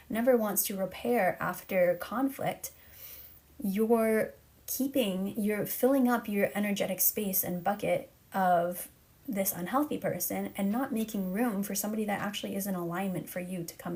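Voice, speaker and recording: A woman's voice: medium pitch, mellow. Earnest woman coach, encouraging tone. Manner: earnest, encouraging, speaks directly to the listener. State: slightly out of breath. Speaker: relationship coach. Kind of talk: live-stream advice talk.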